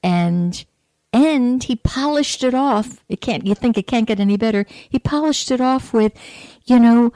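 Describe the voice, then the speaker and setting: Chatty woman, mellow dry voice. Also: a little high, a little slow, no echo. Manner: chatty storytelling, animated quoted asides. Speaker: radio show host. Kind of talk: spiritual talk radio monologue.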